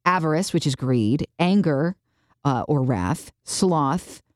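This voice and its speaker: A woman co-hosting a casual faith podcast explains church history in a chatty, easygoing way and laughs easily. Her low-pitched, slightly mellow voice is slow with lively intonation, recorded in studio quality with no echo.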